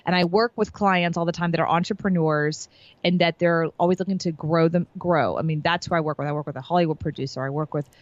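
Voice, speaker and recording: A woman's voice: on the low side, steady tone, quick pace, no echo, muffled recording. A woman sales and marketing coach telling her story in an interview, bubbly and emphatic, acting out what others said.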